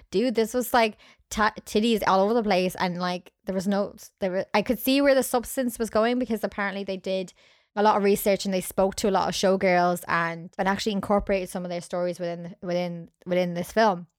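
A woman's voice: mid-range voice, steady tone, fairly quick, dry recording, clean studio sound. A young woman co-hosting a casual film podcast, chattily recapping scenes and acting out the characters' lines. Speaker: podcast co-host.

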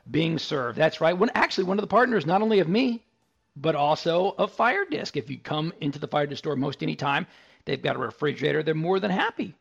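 A man's voice: mid-range voice, vocal fry, highs cut off. A man hosting a live tech radio show on location from a store, chatting enthusiastically with tangents and restarts. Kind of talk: live radio talk broadcast.

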